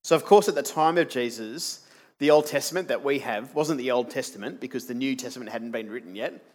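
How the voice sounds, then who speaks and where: A man's voice: medium pitch, brisk, a little mellow. A man preaching a sermon, earnest and emphatic, asking the congregation rhetorical questions.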